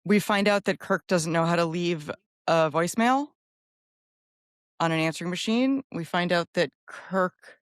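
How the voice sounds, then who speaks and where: A middle-aged woman co-hosts a podcast in a casual, chatty way and slips into little acted-out quotes as she tells her stories. Her voice sits on the low side, and the sound is close and dry with no room echo. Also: unhurried, clean tone. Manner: chatty storyteller, acts out quoted lines. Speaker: podcast co-host. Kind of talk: casual chat.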